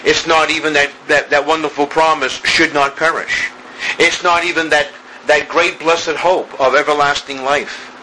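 A man preaching an evening sermon, slow and emphatic, building through repeated phrases. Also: on the high side, steady tone, bright, forceful tone, a little hiss or hum, poor audio.

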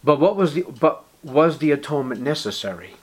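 A man's voice: animated, a little fast. Emphatic man preaching a sermon. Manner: emphatic preaching, rising loud on key words and dropping low and soft. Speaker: pastor.

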